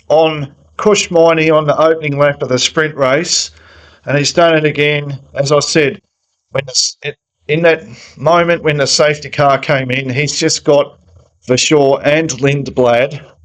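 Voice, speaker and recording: A man's voice: on the high side, poor audio. A man giving a casual, opinionated motorsport analysis, thinking aloud in a conversational way. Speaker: motorsport fan commentator. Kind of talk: casual sports analysis monologue.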